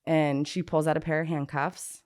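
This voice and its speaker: As an interview guest, a woman who grew up in Southern California tells a personal story in casual conversation, frank and unfiltered, sprinkling in "like" and swear words. Her notably low voice is clear and resonant, a little mellow, with a level tone at normal speed.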